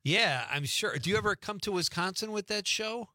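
Bright-voiced chatty male host. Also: high-pitched, lively intonation, normal speed, no room sound, clean studio sound. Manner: chatty, storytelling, laughs easily. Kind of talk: casual interview chat.

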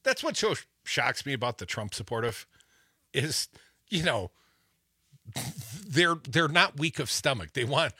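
A man's voice: mid-range voice, very animated, a little slow, long pauses, bright, forceful tone, slightly rough, no echo, studio quality. A middle-aged man hosting a talk show, telling rambling, self-deprecating stories in casual chat.

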